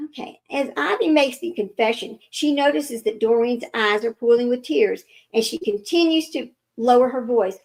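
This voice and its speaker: A woman's voice: a little high, unhurried, creaky, darkish tone, poor audio. A woman reading a book aloud and breaking off often for chatty commentary and self-corrections. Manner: chatty, interrupts herself with asides and corrections. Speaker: reader of a book.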